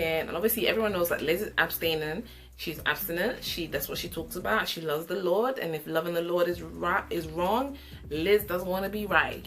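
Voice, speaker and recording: A young woman giving an opinionated, sassy casual review of a reality show, with animated asides. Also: on the low side.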